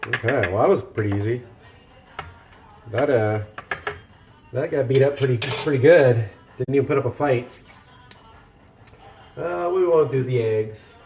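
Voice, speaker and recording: A man's voice: medium pitch, a little slow, long pauses, darkish tone, roomy sound, faint music behind. A man chatting casually to his viewers while cooking in a home kitchen, rambling and poking fun at himself. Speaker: cooking streamer. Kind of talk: casual cooking chat with live chat.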